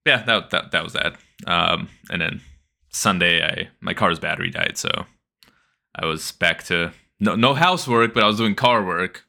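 A man's voice: low-pitched, moderate pace, vocal fry, pushed and bright. A man co-hosting a podcast, telling a rambling story in casual chat with lots of fillers. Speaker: podcast co-host.

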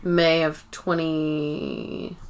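A woman's voice: deep voice, level tone, drawn-out words, clear, resonant tone. A woman in her thirties co-hosting a podcast, recapping episodes in casual, swearing chat and acting out characters' lines. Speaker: podcast co-host.

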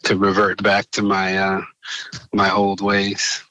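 A Nigerian-born man as a radio guest, stumbling and restarting his sentences. His voice sits low yet sounds bright and forward. The recording is close and dry. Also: completely flat delivery, dry recording, low-quality recording. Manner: halting, many restarts, laughs while telling stories. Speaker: filmmaker guest. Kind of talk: radio interview.

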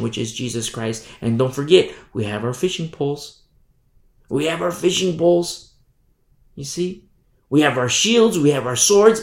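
A man preaching in an echoey church hall, his mid-pitched voice gravelly with fry. He speaks emphatically, circling back to points and checking in with his listeners. The room's reverb hangs on each phrase. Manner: emphatic, repeats "you see?". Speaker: pastor. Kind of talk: sermon. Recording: echoey room.

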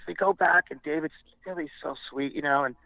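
As a guest in a casual interview, a California rock frontman from Montebello speaks fairly quickly in a higher voice with vocal fry. He acts out other people's lines and swears freely while telling stories, and a crowd can be heard behind the narrow, tinny audio.

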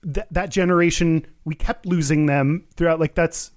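A man's voice: a little high, fairly even intonation, moderate pace, dry recording, clean studio sound. Giggly, rambling male podcast host. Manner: giggly, rambling, lots of fillers. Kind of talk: casual chat.

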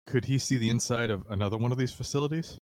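A man's voice: mid-range voice, quick pace, darkish tone, no echo. A man playing in a casual tabletop game, asking lots of questions about the rules. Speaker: player.

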